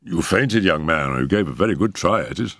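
A man voicing a calm, matter-of-fact older doctor who soothes a troubled patient, in a storybook reading. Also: low voice, no room sound, clean studio sound, exaggerated voice. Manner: unhurried, wry, matter-of-fact. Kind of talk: audiobook character reading.

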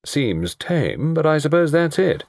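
A man voicing a calm, wry man of thirty-five in a storybook reading. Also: fairly high pitch, a little slow, vocal fry, no echo, studio quality, voice pushed up, heavily acted.

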